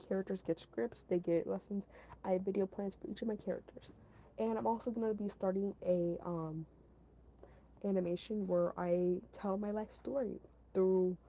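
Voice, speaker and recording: Brief: young female creator, mid-pitched and warm, chatty storytime with restarts. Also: slight background noise, poor audio. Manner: animated, emphatic, with frequent restarts and acted quotes. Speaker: content creator. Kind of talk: casual storytime monologue.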